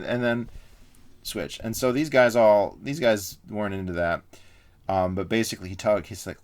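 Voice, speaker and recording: A man's voice: fairly low pitch, normal speed. A man giving a casual spoken book review, rambling with frequent fillers and restarts.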